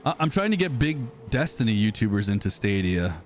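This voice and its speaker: A man's voice: lowish voice, very animated, brisk, slight background noise. A man in his thirties with an American accent, chatting casually with viewers on a live stream, rambling and self-deprecating. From United States. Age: 30s. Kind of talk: casual live-stream chat reading comments.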